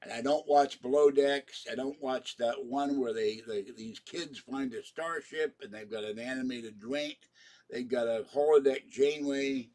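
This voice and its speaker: A man's voice: medium pitch, steady tone, moderate pace, darkish tone. An older man hosting a live stream, rambling through strong opinions in a grumbling, casual way. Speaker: channel host.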